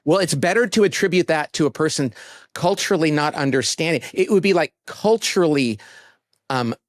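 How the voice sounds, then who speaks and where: Lively higher-voiced man, expressive guest. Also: fairly quick, no room sound, studio quality. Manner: expressive, acts out quoted voices. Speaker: guest author. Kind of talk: casual interview chat.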